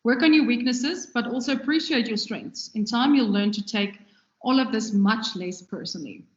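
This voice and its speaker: A woman's voice: on the high side, moderate pace. A woman giving a conversational recorded lecture on radio production, talking with her hands as she goes. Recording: echoey room, dull lo-fi sound.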